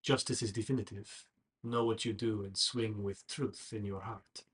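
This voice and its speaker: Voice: medium pitch, steady tone, moderate pace, breathy edge, pitched below the performer's own voice. A game master voicing a grave male voice of justice that rings in a character's mind. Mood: solemn.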